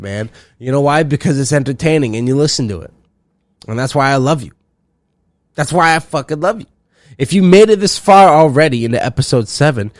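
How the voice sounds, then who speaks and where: A young man hosting a solo comedy podcast, rambling and swearing in a loose, animated way. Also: on the high side, dry recording, studio quality. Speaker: podcast host.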